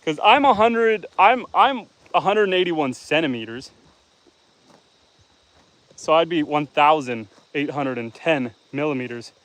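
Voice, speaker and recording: A fairly high-voiced middle-aged man from Canada hosts a live stream from his farm. He chats outdoors among his animals in an easygoing, teasing way, and farm animals can be heard behind him. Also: expressive, a little slow, fairly bright tone, no room sound, low-quality recording. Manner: easygoing, chatty, teasing viewers. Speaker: homestead livestreamer. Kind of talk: casual live-stream chat reading viewer comments.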